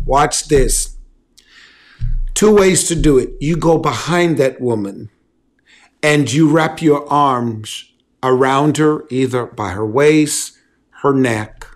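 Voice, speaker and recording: A man preaching in a relaxed, conversational way, repeating key phrases and asking rhetorical questions. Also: a little high. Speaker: pastor. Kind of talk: conversational sermon on love and relationships.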